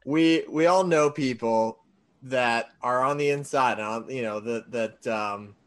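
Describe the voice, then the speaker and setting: A man's voice: mid-range voice, a little slow, smooth, no room sound. Guy hosting a podcast, sarcastic rambly chatter, dry close mic. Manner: rambling, sarcastic, frequent restarts and fillers. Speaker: podcast host. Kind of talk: casual podcast banter. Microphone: studio microphone.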